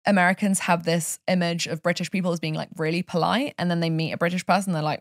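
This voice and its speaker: A European woman, a life coach, chats on a podcast and tells stories with passion and animation. Her voice sits on the low side and she talks fast with few pauses, recorded clean in a studio with no room sound.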